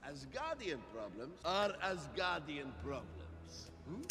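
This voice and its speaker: A grand, dismissive king of the gods with a mixed Greek-Italian accent. His voice sits high and swings theatrically, and it carries a long hall-like reverb from the film mix. He waves off others' troubles with lofty disdain. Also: sing-song, slow pace, heavily acted. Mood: haughty. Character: pompous booming king of the gods.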